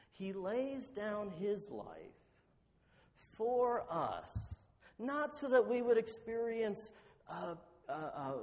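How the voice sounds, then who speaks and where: A fairly high-voiced man preaching in a church hall. He tells a story and keeps asking the congregation rhetorical questions, stretching out the words he wants to land. His voice rings with a long reverb around the room. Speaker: pastor. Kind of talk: sermon.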